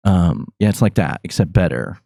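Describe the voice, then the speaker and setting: A man hosting a podcast in casual chat, goofy and laughing as he tells loose stories while high. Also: lively intonation, normal speed, vocal fry, dark tone, no room sound. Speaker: podcast host.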